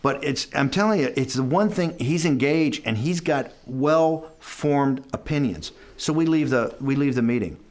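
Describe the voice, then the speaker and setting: A man's voice: mid-range voice, moderate pace, few pauses. Man telling a rambling story as a guest. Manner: rambling, quotes others with "I go", frequent restarts. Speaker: interview guest. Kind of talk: anecdotal storytelling in a conversation.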